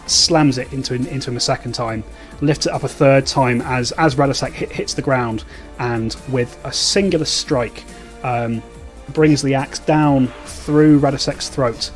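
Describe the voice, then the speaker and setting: A man narrating a tabletop role-playing game as game master, stopping and restarting often. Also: medium pitch. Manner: halting narration with many fillers and restarts.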